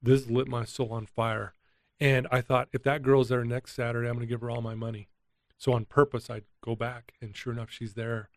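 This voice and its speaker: A man's voice: medium pitch, fairly quick, no echo, studio quality. A middle-aged man, a recovery coach, telling a personal story in an interview, earnest and emotional. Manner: earnest, emotional, animated retelling. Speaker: guest, addiction recovery coach.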